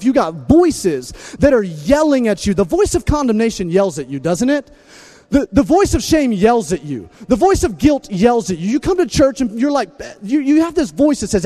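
Pastor, male, high mellow voice, playful and energetic, faint music underneath. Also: moderate pace. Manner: energetic, jokey, swings from loud to hushed. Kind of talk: lively humorous sermon.

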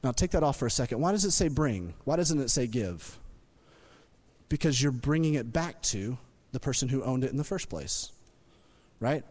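Animated male pastor preaching. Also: normal speed. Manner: animated preaching, rising loud when emphatic, dropping low for points. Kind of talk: sermon. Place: church sanctuary.

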